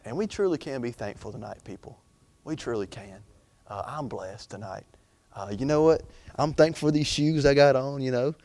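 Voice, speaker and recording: A man's voice: medium pitch, lively intonation, moderate pace, darkish tone, dry recording. A young man preaching an informal sermon in a chatty, rambling way, full of fillers and restarts.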